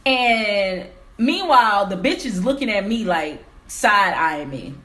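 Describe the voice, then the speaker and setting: Speaking slowly at a medium pitch, a young woman vlogs casually from a game room at home. She tells a story as an emphatic, animated rant packed with profanity.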